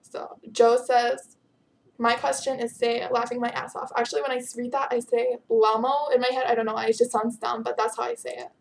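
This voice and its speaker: A teenage girl talking through a vlog in a chatty, giggly way, her voice pitched a bit high with a gravelly fry. She sounds worn out but keeps things bubbly. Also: little pitch movement, brisk, darkish tone. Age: teens. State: tired. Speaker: vlogger answering viewer questions. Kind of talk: casual chat.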